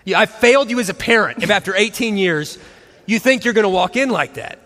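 Animated man in his forties, high voice, long reverb, storytelling talk with acted voices. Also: fairly quick. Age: 40s. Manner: animated, acts out voices and laughs often. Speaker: christian speaker and husband.

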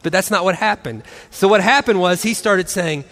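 A man's voice: high voice, brisk, fairly bright tone, big-room sound. A man in his forties telling a story to an audience as a co-host, acting out the quotes and laughing often. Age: 40s. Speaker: pastor co-host of a marriage and parenting session.

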